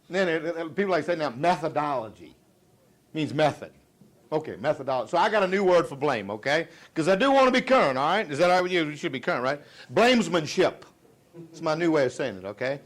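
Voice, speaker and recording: A middle-aged man, from Virginia, giving a live motivational sales speech full of jokes and questions to the crowd. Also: medium pitch. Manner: dramatic swings from loud to hushed, joking, audience call-and-response.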